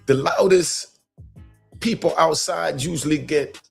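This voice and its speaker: A man's voice: a little high, a little slow, gravelly, soft background music. A middle-aged man hosting a live stream, giving street-wisdom commentary in a preachy way and repeating key lines for emphasis.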